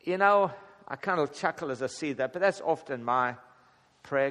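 A man's voice: fairly high pitch, animated, normal speed, a bit bright. A man teaching a casual Bible study to a small group, chuckling often and acting out the prayers he quotes. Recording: long hall reverb.

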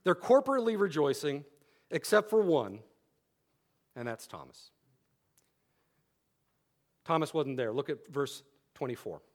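High-voiced lively male preacher. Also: measured pace, pauses often. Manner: repeats key phrases for emphasis; lively with wry humorous asides. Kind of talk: sermon.

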